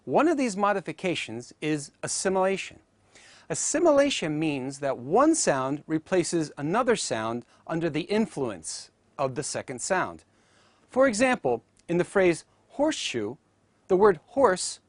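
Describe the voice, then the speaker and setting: Deliberate, lively-pitched phonetics teacher narrating. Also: no room sound. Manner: careful, deliberate delivery with sounds spoken out as models. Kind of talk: scripted educational narration.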